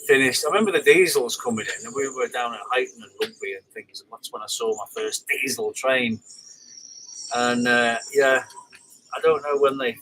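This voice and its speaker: A man's voice: medium pitch, moderate pace, bright, forceful tone, a little hiss or hum, low-quality recording. An older man hosting a live stream, chatting casually and rambling through viewers' comments with plenty of fillers and restarts.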